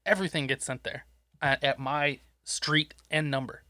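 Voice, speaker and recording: Bright-voiced blunt man chiming in. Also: a little high, normal speed, dry recording, studio quality. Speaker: podcast co-host. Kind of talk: casual chat.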